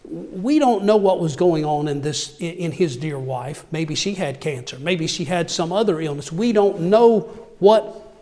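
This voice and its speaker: A high-pitched male preacher delivers a sermon, reading verses aloud before explaining them. He puts questions to his listeners as he goes. His voice rings with the long reverb of a large hall. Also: animated, measured pace, a little mellow. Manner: reads scripture aloud then explains it, asks the listeners questions.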